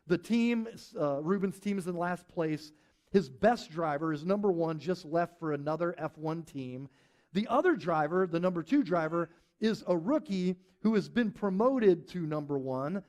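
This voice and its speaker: A man preaching a sermon to a live church audience, telling a story in an animated way and acting out quotes. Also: sits high. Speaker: pastor.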